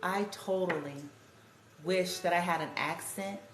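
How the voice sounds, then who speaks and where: A woman's voice: fairly low pitch, unhurried, background noise. A woman giving a casual, chatty spiritual tarot reading, laughing often and swearing casually. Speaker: tarot card reader. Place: room at home with music playing. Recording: echoey room with music playing.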